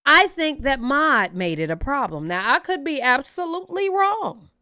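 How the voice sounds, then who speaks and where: A woman hosting a reaction channel, giving blunt, profane, animated opinions in casual commentary. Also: sits high, moderate pace, dry recording, studio quality.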